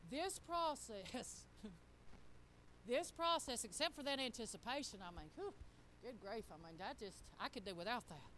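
A middle-aged woman, preaching in an animated, folksy storytelling style. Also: a little high, measured pace, a little hiss or hum. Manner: animated, folksy, acts out quotes. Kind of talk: storytelling sermon.

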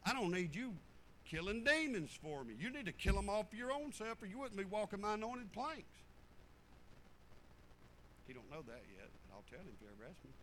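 A man preaching a folksy sermon, swinging from fervent loud passages to low muttered asides. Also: sing-song, moderate pace, background noise.

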